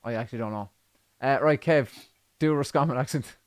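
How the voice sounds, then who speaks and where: A man's voice: mid-range voice, fairly quick, no echo. An Irish man co-hosting a casual live-stream chat, joking and trying out accents. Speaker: co-host.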